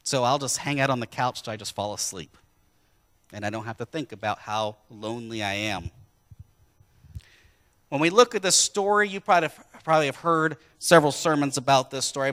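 A man's voice: on the high side, fairly bright tone. A man from Wisconsin preaching a sermon in a church, talking to the congregation conversationally and with jokes. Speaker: pastor.

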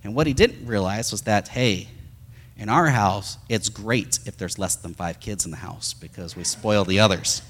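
Man, pastor, animated sermon, loud then hushed, reverberant church hall. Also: on the low side, normal speed. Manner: animated, swings between loud emphasis and soft intimacy.

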